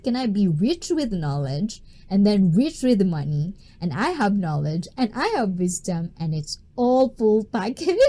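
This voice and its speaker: A woman's voice: medium pitch, mellow. A woman hosting a casual livestream, chatting playfully, reading viewers' messages aloud and laughing often. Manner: playful, talkative. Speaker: livestream host.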